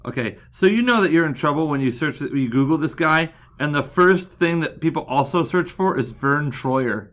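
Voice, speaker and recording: A man's voice: on the high side, lively intonation, moderate pace, few pauses, a bit bright. A man co-hosting a pop culture podcast, riffing with dry, goofy jokes in casual chat. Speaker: podcast co-host.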